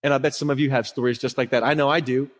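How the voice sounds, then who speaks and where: Animated male pastor in a reverberant hall. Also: medium pitch, rapid-fire. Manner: animated storyteller who acts out quotes. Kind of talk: sermon. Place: church sanctuary. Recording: long reverb of a church hall.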